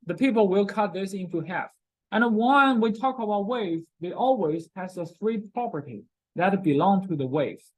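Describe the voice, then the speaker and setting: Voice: medium pitch, lively intonation, normal speed, slight background noise, poor audio. A chemistry lecturer in a recorded class, repeating key terms, checking in often with "okay?", and speaking with non-native grammar.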